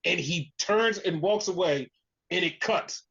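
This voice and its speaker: Animated podcast host, muffled lo-fi audio. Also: mid-range voice, measured pace, gravelly. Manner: animated storytelling, heavy use of "like". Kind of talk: casual wrestling recap chat.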